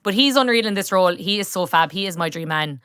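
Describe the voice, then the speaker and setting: A young Irish woman with a Kerry accent chats as a podcast guest, lively and quick to laugh. Her voice is bright and smooth, recorded close and dry. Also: mid-range voice, no room sound. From County Kerry, Ireland. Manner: lively, laughs often, gushing. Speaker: podcast guest, freelance writer. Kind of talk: casual film chat.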